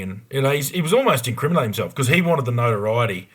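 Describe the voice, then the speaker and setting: A man's voice: medium pitch, lively intonation, fast talker, a bit bright. An Australian man, a former police investigator, telling a case story on a podcast in a blunt, frank way with a lot of ums and restarts.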